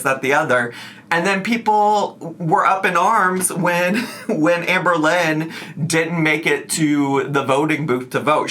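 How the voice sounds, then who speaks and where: A man's voice: fairly high pitch, sharp tone. A man hosting a reaction channel, talking casually and sarcastically, laughing as he goes. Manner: chatty, sarcastic, laughs through lines. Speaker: commentary channel host. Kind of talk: reaction commentary.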